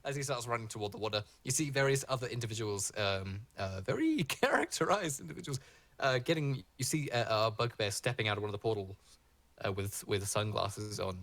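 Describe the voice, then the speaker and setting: Man, dungeon master, tabletop game narration, lively pitch, bright, dry close mic. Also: brisk, no echo. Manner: animated, rambling with fillers.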